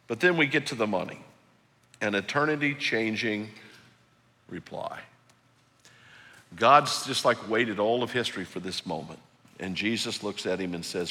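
A man preaching a sermon in a church, swinging between loud emphatic highs and hushed low passages. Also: big-room sound. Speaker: pastor. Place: church sanctuary.

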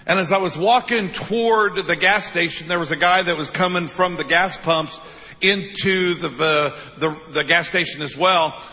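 A man's voice: high-pitched, normal speed, pushed and bright, long reverb tail. A man in his fifties preaching a sermon, telling stories with self-deprecating humor and frequent "right?" asides. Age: 50s. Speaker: pastor.

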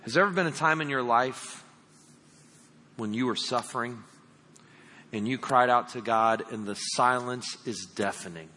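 A man's voice: medium pitch, moderate pace, pauses often, pushed and bright, a little hiss or hum. A man preaching a sermon as pastor, talking emphatically and calling his listeners friends. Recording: long reverb of a large hall.

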